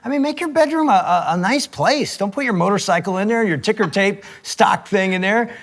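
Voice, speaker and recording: A man's voice: high-pitched, a little fast. A middle-aged man co-hosting a talk show, telling stories and acting out the quotes. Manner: animated storyteller, acts out quotes. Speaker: pastor and podcast co-host. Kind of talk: casual storytelling chat.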